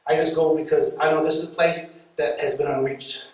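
A man preaching a storytelling sermon, lively and laughing often as he acts out voices. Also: a little high, brisk. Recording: echoey hall, mic far off.

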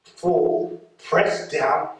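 High-voiced preacher man in echoey hall. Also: extremely slow, a crowd in the background. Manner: lively, laughing often, acting out voices. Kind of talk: storytelling sermon. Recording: echoey hall, mic far off.

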